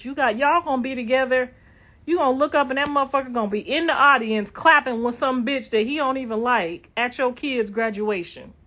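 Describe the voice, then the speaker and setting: Blunt middle-aged woman, lo-fi livestream. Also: fairly high pitch. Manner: blunt, profane, sassy. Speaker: livestream host. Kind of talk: casual livestream chat, reading comments. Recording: dull lo-fi livestream audio.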